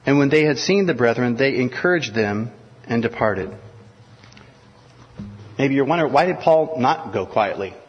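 A pastor preaching a sermon verse by verse, acting out the dialogue of the story in casual speech. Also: male voice, mid-range voice, animated, moderate pace, long pauses, husky. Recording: dull recording in a reverberant hall.

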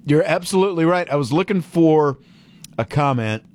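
A man hosts a casual sports radio show, talking in an animated, slightly sarcastic, rambling way. His voice sits a bit high for a man. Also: normal speed.

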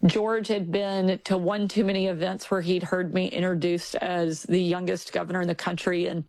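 A woman's voice: lowish voice, little pitch movement, moderate pace, no room sound. A woman in her forties, a governor, guest on an interview, telling anecdotes in a friendly, laughing way. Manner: warm, anecdotal, laughing storyteller. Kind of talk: interview conversation.

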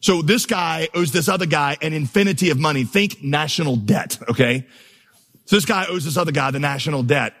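A man preaches in a church auditorium, telling stories and building rhythmic lists. His voice sits a little high. A long reverb from the large hall trails behind each phrase. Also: brisk, a bit bright. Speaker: pastor. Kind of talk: sermon.

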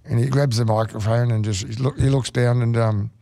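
Gravelly Australian man, rambling story. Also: medium pitch, fairly even intonation, mellow, no echo, studio quality. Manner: rambling, halting, with many restarts and fillers. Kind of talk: casual storytelling on radio.

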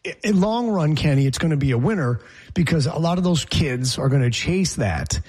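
A man's voice: fairly high pitch, expressive, fairly quick, darkish tone, slightly rough. A man hosting a sports talk show, opinionated and rambling as he jokes through the banter.

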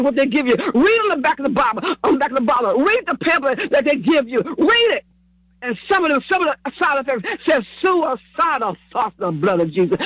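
An older man, a minister on a prayer line, leading a fervent healing prayer. He repeats "my God" between phrases and chants commands over and over, sometimes breaking into a shout. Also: very high voice, dry recording, poor audio.

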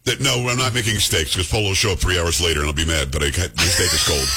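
A man hosting a radio show, bantering casually with teasing, animated storytelling and acting out other people's lines. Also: low voice, brisk, very noisy.

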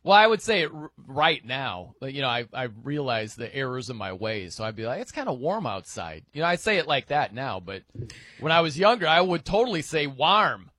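A man's voice: medium pitch, sing-song, brisk, bright, forceful tone, no echo. A man hosting a sports radio show, chatting casually and laughing as he mimics people in his stories.

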